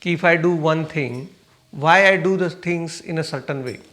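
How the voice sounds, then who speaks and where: A meditation teacher with a somewhat high, slightly bright voice gives a spiritual talk to his class at a normal pace. He poses questions to the room, answers them himself and keeps checking "okay?".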